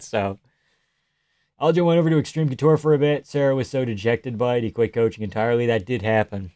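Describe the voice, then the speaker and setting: A man's voice: medium pitch, a little fast, dark tone, clear, resonant tone, dry recording, studio quality. A man casually commenting live on a fight night, swearing and laughing a lot. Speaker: live streamer. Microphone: headphones on, close mic.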